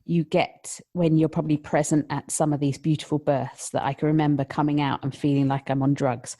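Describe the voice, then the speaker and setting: A woman working as a lactation consultant, talking on a podcast in a heartfelt, emotional way and sometimes dropping to a soft whisper. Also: deep voice, level tone, moderate pace. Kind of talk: podcast conversation.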